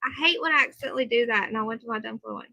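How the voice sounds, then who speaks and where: A woman live streaming from her computer, reading a news report aloud and chatting with viewers in animated asides. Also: on the high side, rapid-fire, vocal fry, no room sound, rough recording. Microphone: computer mic, earbud in for monitoring.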